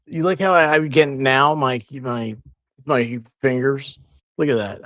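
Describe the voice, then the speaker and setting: Joking animated man from Massachusetts. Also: mid-range voice, unhurried, no echo. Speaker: livestream co-host. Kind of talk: casual chat.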